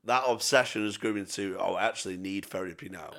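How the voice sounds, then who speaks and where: Deep gravelly man. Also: quick pace, fairly bright tone. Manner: sweary, rambling anecdotes with self-mocking laughs. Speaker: podcast co-host. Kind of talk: casual storytelling chat.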